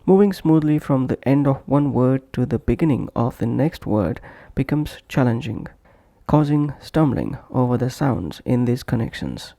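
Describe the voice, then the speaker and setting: A man narrating a scripted English pronunciation lesson, slowly and deliberately repeating example phrases as drills. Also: medium pitch, expressive, vocal fry, mellow, no echo, studio quality.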